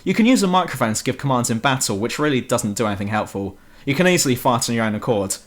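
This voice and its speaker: Brief: young British guy ranting about a game, sarcastic and sweary, animated intonation, home-mic voice-over. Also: mid-range voice, fast talker. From Britain. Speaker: game reviewer. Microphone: home computer mic.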